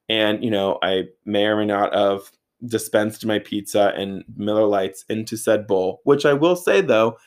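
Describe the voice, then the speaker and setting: A man in his thirties telling a casual, animated story, swearing freely and saying "like" a lot. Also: lowish voice. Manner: animated, profane, filler-heavy with frequent "like".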